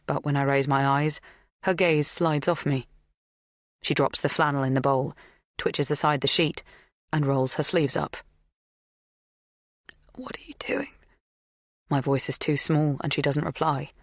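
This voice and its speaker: A woman narrating a first-person psychological thriller in a measured, tense, intimate way. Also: deep voice, fairly even intonation, no room sound, clean studio sound. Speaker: audiobook narrator.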